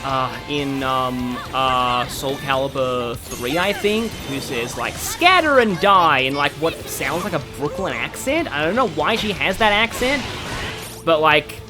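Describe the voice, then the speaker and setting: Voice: mid-range voice, unhurried. A let's-play host giving chatty commentary, exasperated at a tough boss fight. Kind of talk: gameplay commentary. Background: game music.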